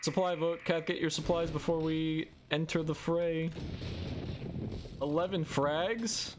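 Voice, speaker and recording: A man live-streaming a survival game, chatting excitably and playfully and making silly sound-effect noises. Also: on the high side, a little slow, noisy background.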